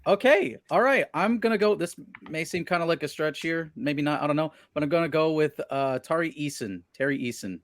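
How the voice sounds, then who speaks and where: A man taking part in a casual video-call chat about basketball, relaxed and self-mocking, speaking into a desk mic at home. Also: fairly high pitch, brisk, few pauses. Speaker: sports blogger.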